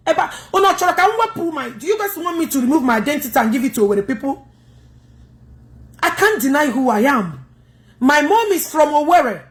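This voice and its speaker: A Nigerian woman with an Igbo accent rants combatively on a livestream. Her voice sits high, and she scolds her viewers head-on. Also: big pitch swings, fairly quick.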